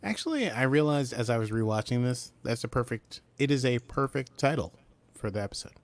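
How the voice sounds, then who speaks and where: A man's voice: mid-range voice, brisk, dry recording. A man co-hosting a podcast, recapping a TV episode in casual chat and acting out the characters' lines as he goes. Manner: animated, acts out character lines while recapping. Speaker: podcast co-host.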